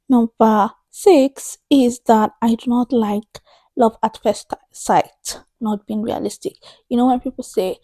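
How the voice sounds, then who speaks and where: A woman's voice: a little high, steady tone, measured pace, warm tone, no room sound. A woman in her thirties chatting in a book vlog, emphatic and exasperated, repeating herself for effect. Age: 30s. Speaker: book vlogger.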